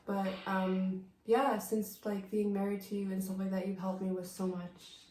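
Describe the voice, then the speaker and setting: A woman's voice: mid-range voice, little pitch movement, normal speed, warm tone. A young woman talks in a loose, chatty way and fills her sentences with "like". Her voice carries a roomy echo, with a faint hiss of noise underneath. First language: Vietnamese. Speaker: vlogger, wife. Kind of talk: casual Q&A chat. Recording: echoey room.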